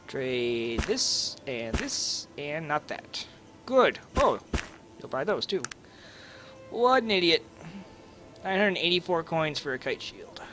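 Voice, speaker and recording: A man's voice: fairly high pitch, a bit bright. Sarcastic man narrating gameplay. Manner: sarcastic, crude, joking. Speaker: gaming video host. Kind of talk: casual gameplay commentary.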